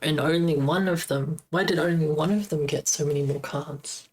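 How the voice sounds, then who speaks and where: A woman streaming as she debugs her game, muttering to herself in a halting, casual way. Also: low voice, breathy edge. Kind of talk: casual live-stream coding commentary.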